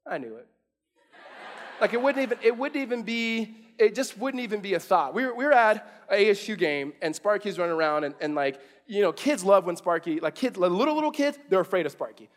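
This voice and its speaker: A man's voice: high-pitched, lively intonation, quick pace, few pauses. A man, preaching a sermon in a casual storytelling way, full of restarts and fillers. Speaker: pastor.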